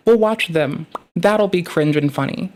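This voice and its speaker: A man's voice: on the high side, a little slow, a little mellow. A man ranting bluntly in heavily profane casual talk. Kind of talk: casual rant.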